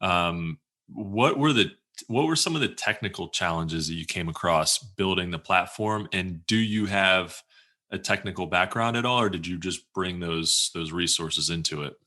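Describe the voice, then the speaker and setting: A very deep-voiced man co-hosts a podcast and asks his questions in a loose, rambling, conversational way. Despite the low pitch, his tone has a bright, forceful edge. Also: moderate pace. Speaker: podcast co-host. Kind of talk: casual interview chat.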